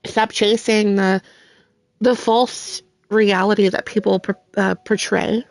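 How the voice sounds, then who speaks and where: A woman's voice: mid-range voice, little pitch movement, takes it slowly, dry recording. A woman gaming streamer giving earnest, heartfelt encouragement to her viewers. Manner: earnest, sincere, with faith talk.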